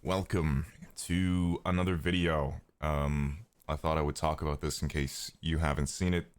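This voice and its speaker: A man streaming who is a little sick and raspy, talking casually and with frustration, swearing and building into heated rants. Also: rumbling low, level tone, normal speed.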